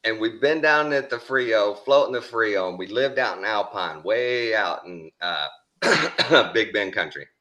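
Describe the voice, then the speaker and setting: Deep-voiced Texan man telling stories. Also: animated, measured pace, sharp tone. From Texas. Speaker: storyteller. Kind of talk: casual storytelling.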